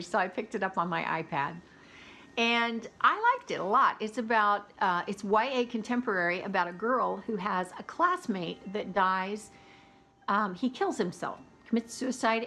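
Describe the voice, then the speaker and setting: A woman's voice: medium pitch, bright, forceful tone. A woman talking casually about audiobooks she has read, chatty and opinionated, laughing now and then. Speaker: book reviewer. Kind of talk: casual book review chat.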